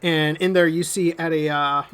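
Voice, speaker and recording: Man, game master, relaxed narration, slightly higher voice, filler-heavy. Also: normal speed, smooth.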